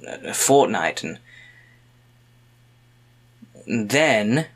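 A man's voice: fairly low pitch, big pitch swings, extremely slow. A man earnestly playing his character in a tabletop game. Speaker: player.

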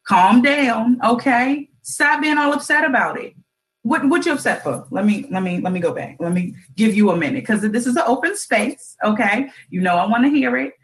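A woman's voice: on the high side, animated, normal speed, rough recording. A woman hosting an online radio show, talking casually to her listeners with corny jokes and lots of y'all. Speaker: internet radio host. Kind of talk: casual livestream talk show.

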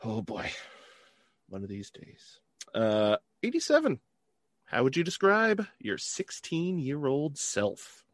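A man hosting a podcast interview, upbeat and quick to chuckle as he works through numbered questions. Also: mid-range voice, wildly swooping pitch, dry recording. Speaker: podcast host. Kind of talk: casual interview.

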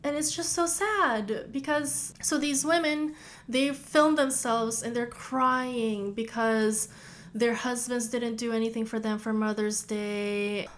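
A woman's voice: a little high, steady tone, slow pace. A woman hosting a podcast, talking casually to her listeners with lots of "like" fillers and calling them bestie. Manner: chatty, frequent "like" fillers, addresses listener as bestie. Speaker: podcast host.

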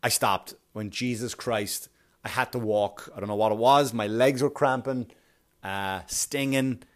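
Profane, animated male storyteller. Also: mid-range voice, a little slow. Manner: profane, animated, self-mocking. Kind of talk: casual storytelling monologue.

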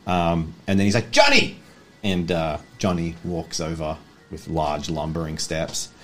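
A man's voice: very deep voice, flat delivery, unhurried, a little mellow, faint music behind. A man acting as game master, narrating a tabletop game in a casual, vivid way with lots of fillers.

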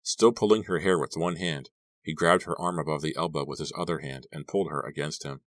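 A man narrating an audiobook in an even, steady storytelling voice. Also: a bass voice, fairly quick, dry recording.

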